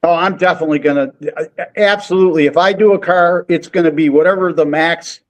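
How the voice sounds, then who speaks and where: A man's voice: fairly high pitch, fast, rough recording. A man who backs race teams, telling a story in casual radio chat and acting out the quotes. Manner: animated storytelling, quotes others.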